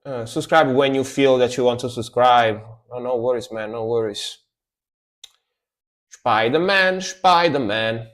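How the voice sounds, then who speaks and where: A man talks loosely over his music reactions. He repeats words and restarts his sentences, and he laughs easily, at an everyday middle pitch. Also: slow pace. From Italy. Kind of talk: casual live-stream reaction chat.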